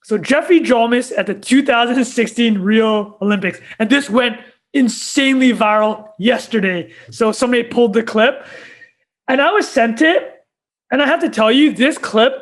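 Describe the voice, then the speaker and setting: A man's voice: very high-pitched, moderate pace, a bit bright. A young man co-hosting a podcast, telling a story in casual chat and laughing often as he goes. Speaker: podcast co-host.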